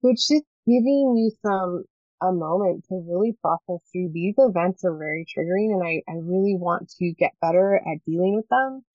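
This woman in her thirties, a parenting coach, is a guest in a casual interview chat, speaking at normal speed in a somewhat low voice. She comes across as earnest and talkative, with lots of fillers. The recording is dry, with a slightly dull lo-fi sound.

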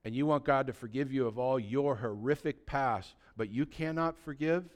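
At a moderate pace and in a mid-range voice, a male pastor exhorts his audience. His sermon alternates quiet, humorous asides with loud, fervent sections.

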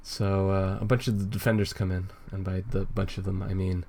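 Low-voiced man, rambling, giggly podcast reader. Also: level tone, brisk, mellow, slight background noise. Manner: rambling, giggly, swears casually. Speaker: podcast co-host reading a fan comic aloud. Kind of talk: casual comedic chat.

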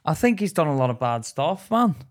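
A man co-hosting a podcast, chatting casually in a blunt, sweary way with quick stories. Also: on the high side, very animated. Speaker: podcast co-host. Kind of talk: casual chat.

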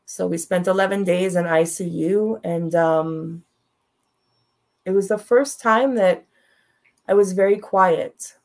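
A woman's voice: on the low side, takes it slowly, long pauses, darkish tone. A woman guest in an interview, telling a personal story in a frank, blunt way and laughing through the hard parts.

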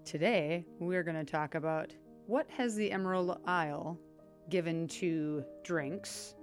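A woman sommelier co-hosting a podcast in casual chat, talking in a chatty, animated way with loose asides and laughter. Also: lowish voice, measured pace, faint music behind.

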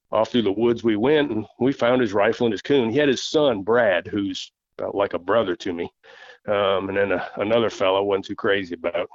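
Telling a long, casual story as a podcast guest, a man from the southern United States speaks in a folksy style and performs the voices of the people he quotes. His voice is fairly low, captured on dull, dry, lo-fi audio.

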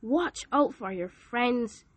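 A woman's voice: a little high, expressive, slow pace, no echo. A woman hosting a podcast, giving an emphatic, preachy devotional talk with joking asides. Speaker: podcast host.

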